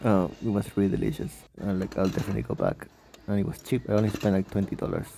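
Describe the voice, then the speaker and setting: Gravelly, low-voiced young man rambling. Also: very animated, quick pace, mellow, slight background noise. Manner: rambling, self-correcting, laughs often. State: sleepy, just woke up. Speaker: vlogger. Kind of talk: casual travel vlog voice-over.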